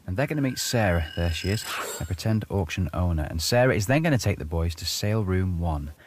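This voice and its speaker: A man narrating a TV prank show in a playful, excitable voice-over. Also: low voice, a little fast, background noise. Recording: music bed under the voice.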